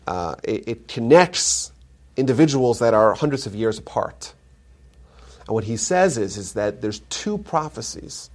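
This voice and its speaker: A man giving a live lecture on Jewish history, retelling stories with animated emphasis and frequent restarts, in a community centre lecture room. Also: mid-range voice, slightly rough.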